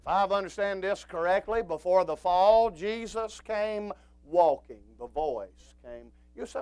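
High-voiced, slow preaching man. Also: no room sound. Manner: swings from quiet talk to shouted preaching. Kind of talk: sermon.

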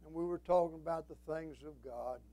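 A man's voice: on the high side, a little fast, dark tone, poor audio. An older man preaching a sermon as a pastor, folksy and emphatic, quoting scripture and telling stories.

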